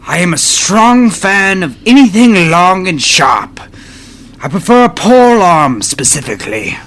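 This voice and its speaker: Man doing a pious warrior, eager, grandiose, tabletop game, high voice. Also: very animated, a little slow, a bit bright, exaggerated voice. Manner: grandiose, formal phrasing.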